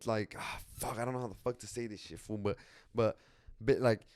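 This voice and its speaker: A man's voice: lowish voice, steady tone, a little fast, a little mellow, no echo, clean studio sound. A young man hosting a podcast, talking casually in a rambling way with lots of slang, swearing and restarts. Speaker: podcast host.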